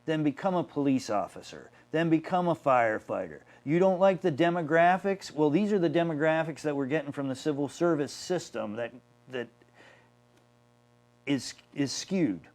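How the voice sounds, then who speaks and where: A man's voice: a little high, lively intonation, normal speed, darkish tone. A man serving as a city mayor, earnestly explaining policy at length in a town hall discussion, restarting his sentences often.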